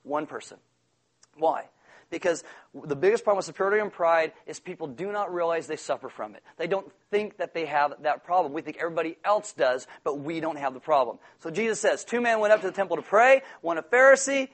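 A man preaching a sermon, animated and acting out the voices of people in his examples. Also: a little high, a little fast. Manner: animated, acts out quoted voices. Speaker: pastor.

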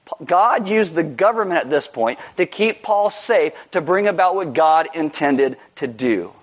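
A man preaching a sermon, joking about himself and acting out a story with loud, high shouted quotes. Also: expressive, a little slow. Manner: joking, self-deprecating. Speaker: pastor.

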